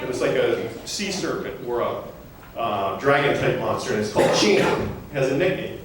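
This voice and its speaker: A man's voice: mid-range voice, animated, normal speed, slight background noise. A middle-aged man giving a humorous memorial eulogy, telling chatty stories and laughing through them in a large hall. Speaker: eulogy speaker. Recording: echoey hall, voice from far off.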